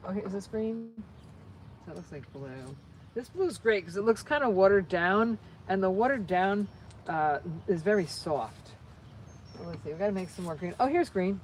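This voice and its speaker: A woman's voice: on the low side, a little mellow, slight background noise, poor audio. A woman hosting a live crafting session, chatting cheerfully to viewers as she works and often repeating herself. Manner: cheerful, rambling, repeats phrases, talks to viewers while working.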